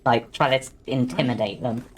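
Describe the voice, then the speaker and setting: Deep-voiced woman player, hesitant and musing. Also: steady tone, normal speed, a little hiss or hum. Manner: hesitant, thinking aloud with fillers. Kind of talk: casual tabletop play.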